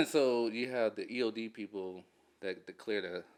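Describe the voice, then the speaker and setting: A man who is a military veteran, telling a war story in a casual interview, swearing freely, animated and laughing as he goes. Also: fairly low pitch, unhurried, smooth.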